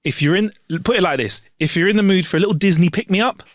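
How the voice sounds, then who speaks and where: A man's voice: high-pitched, fast talker, dry recording, studio quality. A young man co-hosting a podcast in casual chat, joking sarcastically and telling stories with energy. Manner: jokey, sarcastic, animated storytelling. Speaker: podcast co-host.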